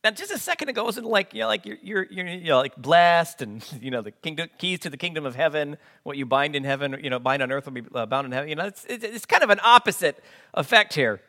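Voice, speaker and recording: Pastor guy preaching, chatty and loose, kinda high bright voice. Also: lively intonation, quick pace. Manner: conversational, with frequent restarts and fillers. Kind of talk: sermon.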